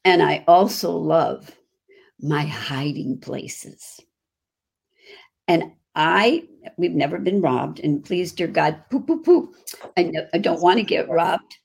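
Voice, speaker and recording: A woman's voice: low voice, slow pace, gravelly, husky. An older woman with a Chicago accent, chatting effusively as a guest on a video-call interview. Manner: effusive, chatty, restarts often. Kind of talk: casual interview chat.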